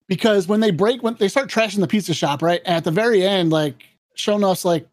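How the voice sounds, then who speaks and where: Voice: medium pitch, moderate pace, a little mellow, no echo. Dry, laid-back podcast co-host. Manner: laid-back storytelling, swearing, frequent laughs. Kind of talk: casual movie-review chat.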